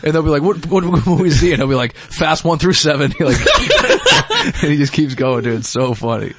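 Young male podcast co-host, fast rambling storyteller, loose and profane. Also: fairly high pitch, wildly swooping pitch, fairly bright tone, slight background noise. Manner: rambling storyteller, swears, laughs a lot. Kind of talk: casual chat.

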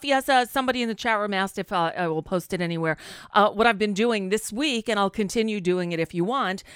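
A woman's voice: on the low side, clean tone, no echo, clean studio sound. A woman hosting a live political talk show, chatty and informal, with offhand asides.

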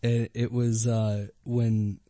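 A man's voice: mid-range voice, little pitch movement, takes it slowly, dark tone, no echo. A man in his thirties telling a story in casual chat, swearing and laughing often.

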